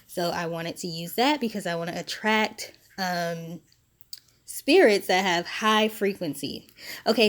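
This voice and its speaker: A woman narrating a casual how-to voice-over for her spiritual DIY video. She sounds a little short of breath and explains each step in a relaxed, chatty way with small laughs. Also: medium pitch. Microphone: phone.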